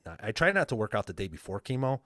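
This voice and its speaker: Male guest coach, earnest and plain-spoken, deep voice, dry close sound. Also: sing-song, fast, a bit bright, no echo. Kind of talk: casual podcast interview.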